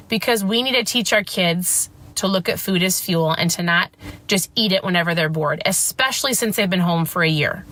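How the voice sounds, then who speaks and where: A woman's voice: medium pitch, bright, forceful tone, slight background noise. A woman in her thirties hosting a casual talk to camera, emphatic and ranting, often asking "guess what". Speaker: host.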